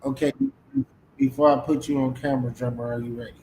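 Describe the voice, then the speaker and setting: A man's voice: mid-range voice, very animated, fast, gravelly, dark tone, slight background noise, low-quality recording. A man hosting a casual live-stream podcast in a laid-back way, often repeating his words. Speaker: podcast host.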